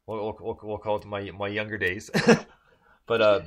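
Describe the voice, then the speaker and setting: A man's voice: on the low side, flat delivery, moderate pace, fairly bright tone. A man from Michigan telling a casual story on a podcast, rambling with many fillers and restarts.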